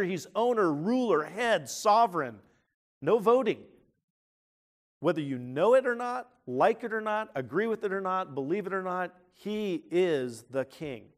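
Emphatic man preaching a sermon. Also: sits high. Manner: emphatic, swelling loud on key words, frequent restarts. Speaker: pastor.

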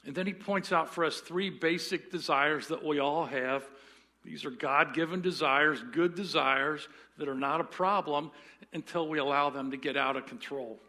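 A man's voice: fairly high pitch, moderate pace, sharp tone. A man preaching a sermon as pastor, often restarting words and telling folksy jokes.

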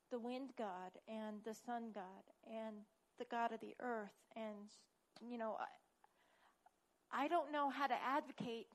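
Tearful woman speaking haltingly. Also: fairly high pitch, poor audio. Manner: hesitant, halting. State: near tears. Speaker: class member. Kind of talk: sharing a personal struggle.

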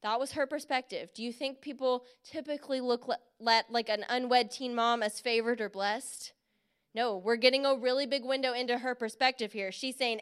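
A young woman preaching a sermon, earnest and encouraging, drawing out key phrases slowly. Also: a little high, fairly even intonation, smooth. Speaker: speaker giving a Christmas message.

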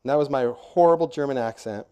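A middle-aged male pastor delivering a sermon in an earnest, emphatic way. His voice sits at an ordinary middle pitch, and he steps through his points one by one, often pausing on rhetorical questions. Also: warm tone, clean tone.

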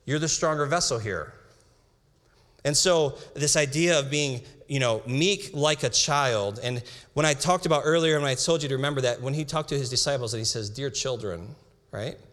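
A young man preaching a sermon, reading scripture slowly with emphasis and breaking into casual asides. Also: mid-range voice, a bit bright. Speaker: pastor. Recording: hall reverb.

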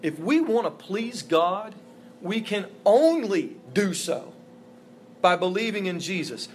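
A man's voice: sits high, big pitch swings, slow pace, slight background noise. A man preaching a sermon as a pastor, earnest and emphatic, with repeated phrases for stress. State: emotional, voice breaking.

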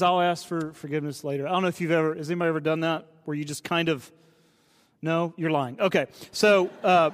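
A man in his late thirties preaching a sermon in a relaxed, storytelling way, asking the audience questions. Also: sits high. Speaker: pastor. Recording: long hall reverb.

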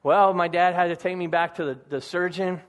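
A man with a fairly high voice preaches to his congregation in a relaxed, conversational way. He tells personal stories and acts out the people in them. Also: brisk. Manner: conversational, animated storytelling with acted-out quotes. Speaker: pastor. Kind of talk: sermon.

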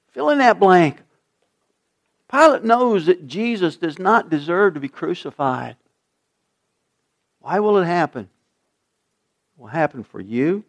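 Older preacher man, earnest sermon, voice goes way up and down, kinda high for a guy. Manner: earnest, swinging from loud emphasis to hushed asides. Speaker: pastor.

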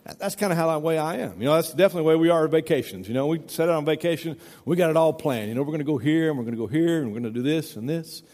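A man's voice: a little high, very fast, hardly any pauses, a little mellow, long reverb tail. A middle-aged man preaching a folksy, conversational sermon, often saying "you know," in a church. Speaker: pastor.

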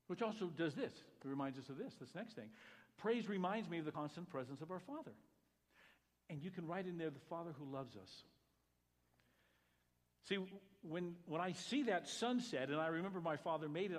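A man pastor preaching a sermon, talking to the congregation with asides, swinging between loud exclamations and hushed quiet remarks. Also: on the high side. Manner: conversational, with jokes to the congregation. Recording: long reverb of a large hall.

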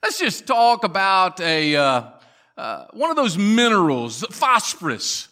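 Bright-voiced preacher man. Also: sits high, very animated. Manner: folksy storytelling with dramatic pauses. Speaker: pastor. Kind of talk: sermon. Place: church.

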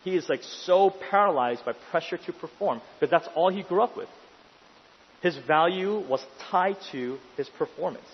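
A man preaching a sermon with emphatic delivery, pushing his voice up into urgent questions and then dropping to a hush. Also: on the high side, animated, moderate pace, slightly rough. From New York City. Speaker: pastor. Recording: dull, lo-fi sound in a long-reverb hall.

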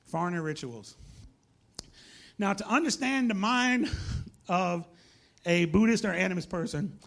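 Man, high voice, animated preacher telling stories. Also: vocal fry. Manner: animated storytelling, acts out dialogue. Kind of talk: sermon.

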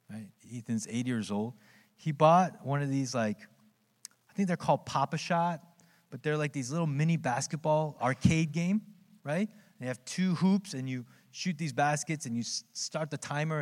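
A man preaching from a church pulpit, his voice sitting a little high and carried on a long, ringing hall reverb. He tells stories conversationally, often checking in with the congregation, and swings between soft low lines and lifted ones. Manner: conversational storytelling with dramatic pitch swings, many tag questions. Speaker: pastor. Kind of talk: sermon. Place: church sanctuary.

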